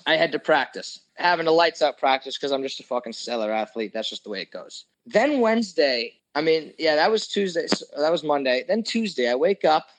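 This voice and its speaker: Young male co-host, profane and joking storyteller, slightly higher voice. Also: expressive, brisk, hardly any pauses, poor audio. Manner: profane, joking, acts out quoted friends. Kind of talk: casual chat, storytelling.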